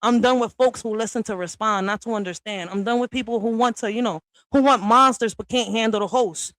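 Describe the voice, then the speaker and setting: A woman giving a blunt, profane response rant to another creator, often tagging lines with "all right?" and swinging from low and quiet to loud and high. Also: brisk, no echo, poor audio.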